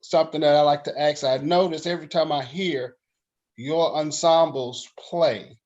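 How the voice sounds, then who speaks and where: A man's voice: fairly high pitch, fairly even intonation, normal speed, darkish tone. A man courteously greeting a colleague and asking him a question about teaching band. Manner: polite and courteous. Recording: dull lo-fi sound.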